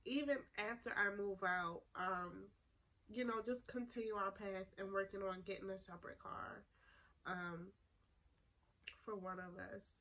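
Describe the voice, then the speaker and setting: Woman acting as hesitant emotional twin sister, soft-spoken, sighing, medium-pitched. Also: fairly even intonation, a little slow, low-quality recording. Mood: tearful. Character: emotional young woman reconciling with her twin. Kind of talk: class role-play simulation.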